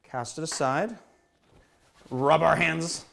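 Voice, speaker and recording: Slightly breathless from shaking drinks, a bartender hosting a cocktail show keeps up easy, self-mocking chatter as he mixes. His voice sits on the high side, slow, gravelly and a bit bright, with slight background noise behind him.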